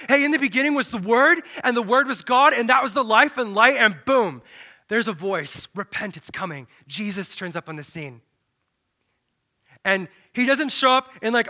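Male preacher, high and bright, animated sermon delivery with dramatic quiet drops. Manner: animated, dramatic, often drops to a low hush then swells loud.

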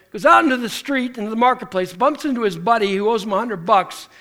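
At a moderate pace and with few pauses, this high-voiced pastor delivers a sermon full of lively stories. He voices the characters as he goes, and he often starts his phrases over.

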